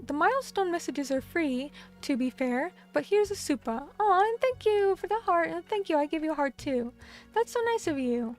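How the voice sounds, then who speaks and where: A young woman streamer with a high, bright-sounding voice talks casually to her viewers. She gushes her thanks and often stumbles and restarts mid-sentence. Soft music plays faintly underneath. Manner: bubbly, effusive, stumbles over words. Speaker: vtuber streamer. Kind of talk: casual live-stream chat.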